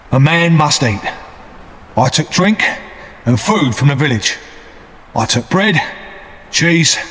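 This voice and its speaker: A rough, defiant escaped convict, put on by a man reading a storybook aloud, bitter and scornful. His pitch swings widely between high cries and low growls. The voice rings in a long hall reverb. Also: a bit bright. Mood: earnest. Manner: fierce, scornful.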